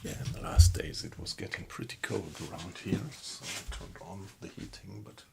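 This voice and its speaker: Deep gravelly man streaming a game. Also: very noisy. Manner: relaxed, unhurried, greets viewers chattily. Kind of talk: casual live-stream chat while playing. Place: small home computer room.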